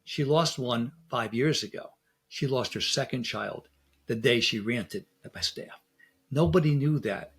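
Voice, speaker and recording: A husky man speaking as a dentist guest in a relaxed interview. He tells lively stories and acts out both sides of conversations, at an ordinary middle pitch. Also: a little slow. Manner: lively anecdotes, acts out dialogue. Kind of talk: casual interview storytelling.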